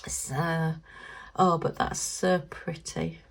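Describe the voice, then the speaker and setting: A woman talking casually through an unboxing. She is chatty and quick to exclaim and giggle, and she talks to herself as she works. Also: low-pitched, fairly even intonation, vocal fry. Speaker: craft vlogger.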